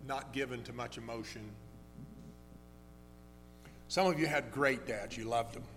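A man preaching a sermon, telling a story in a conversational, halting way with many restarts. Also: mid-range voice, fairly bright tone. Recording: long hall reverb with faint hum.

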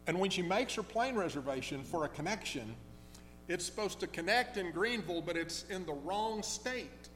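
A man preaching a sermon, telling a story in a conversational, halting way with many restarts. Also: high voice, lively intonation, fairly bright tone. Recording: long hall reverb with faint hum.

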